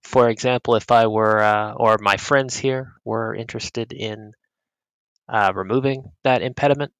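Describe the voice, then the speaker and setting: Man, tabletop player, gravelly voice, dry sound, polite and hesitant. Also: fairly low pitch, fairly even intonation, measured pace, no echo, rough recording. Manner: hesitant, polite, many fillers. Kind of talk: in-character tabletop play.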